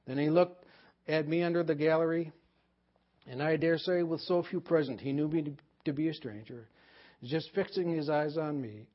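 A man pastor preaching a sermon, swinging from loud emphasis to hushed near-whisper. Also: a little high, normal speed. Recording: dull lo-fi sermon recording.

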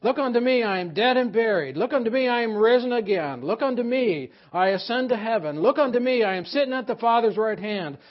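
A man's voice: extremely high pitch, lively intonation, fairly quick, few pauses, voice pushed up. A man voicing a fervent, plain-spoken old country preacher with an Essex accent, pleading and repeating his refrain. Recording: dull lo-fi sermon recording.

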